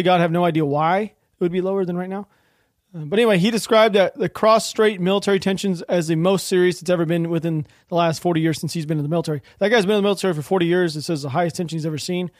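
A man's voice: sits high, fairly even intonation, quick pace, no room sound, clean studio sound. A man hosting a solo political podcast, ranting and sarcastic, swearing freely and laughing at the news. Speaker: podcast host.

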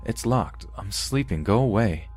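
A man voicing a frightened young woman who talks softly and nervously in a raised pitch. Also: animated, measured pace, slightly rough, faint music behind. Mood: feigning sleepy.

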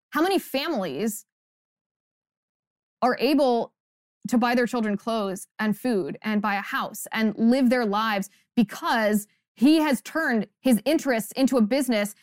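A woman's voice: on the high side, no room sound, clean studio sound. Indignant woman podcast host. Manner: emphatic, indignant, sarcastic. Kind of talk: political commentary monologue.

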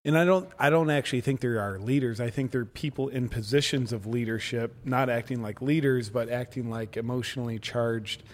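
A man's voice: mid-range voice, fairly quick, hardly any pauses. Laid-back man in an echoey room. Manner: laid-back, profane, mocking impressions. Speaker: podcast guest, comedy sketch creator. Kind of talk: casual chat.

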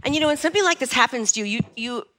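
A woman's voice: sits high, expressive, very fast, a bit bright. A woman in her forties giving a chatty, nervous motivational talk on stage to a live audience. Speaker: motivational speaker.

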